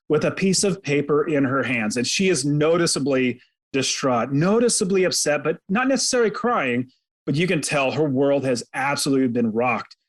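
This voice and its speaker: A man telling a personal story as a podcast guest, earnest and dramatic, recounting it vividly in the present tense. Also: a little high. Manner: earnest, faith-inflected. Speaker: podcast guest, real estate investor.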